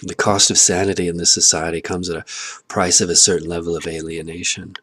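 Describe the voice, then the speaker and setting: A man with a low, husky voice rants to the camera in a loose personal monologue, cursing freely and laughing at himself. He swings from loud outbursts to near-muttered asides. The sound is dry and close, with no room echo. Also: level tone, a little fast. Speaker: vlogger.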